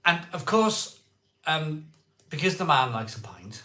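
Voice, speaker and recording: An excitable man hosting a casual live stream, chatting with viewers, repeating himself and laughing often. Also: fairly high pitch, unhurried, roomy sound. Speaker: live-stream beer show host. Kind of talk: casual live chat reading viewer comments.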